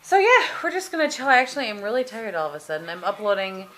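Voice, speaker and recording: With a bright, sing-song mid-range voice and quick pace, a woman rambles through a casual kitchen vlog. The handheld compact camera picks up noisy home audio as she chats away and tosses in self-deprecating asides.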